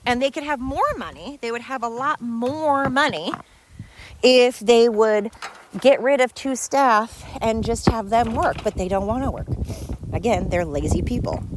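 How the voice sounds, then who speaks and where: A woman's voice: a little slow, noisy background. A middle-aged woman hosting her own podcast, venting sarcastically about former coworkers. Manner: venting, sarcastic, mimics others in high voices. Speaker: podcast host. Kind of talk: solo podcast rant.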